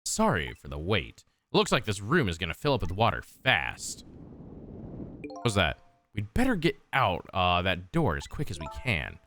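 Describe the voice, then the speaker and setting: Man doing a quiet ghost, low, gravelly, dry and matter-of-fact, game dialogue. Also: huge pitch swings, normal speed, soft background music, full character voice. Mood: calm.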